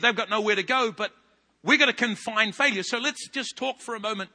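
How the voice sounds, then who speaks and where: Male pastor, fifties, New Zealand accent, lively storyteller with a bright, high voice. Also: a little fast. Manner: animated storytelling with big loud rises. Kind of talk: sermon. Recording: long hall reverb.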